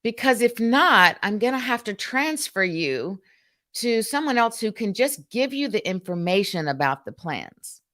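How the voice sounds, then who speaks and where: A woman quoting a pushy, slow-talking male sales agent in a light put-on voice. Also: medium pitch. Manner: slow, flat salesman patter.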